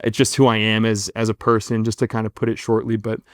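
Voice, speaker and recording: A man's voice: fairly low pitch, monotone, quick pace, dry recording, studio quality. A man in his twenties, a guest actor, telling a long story in a casual interview, rambling and self-deprecating with many fillers and restarts.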